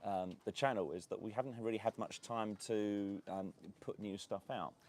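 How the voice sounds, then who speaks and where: A man's voice: lowish voice, moderate pace, darkish tone, slight background noise. A man hosting a casual live stream from an outdoor beachside cafe, chatting in a rambling way with lots of fillers and frequent laughs. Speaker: host of a property and lifestyle channel.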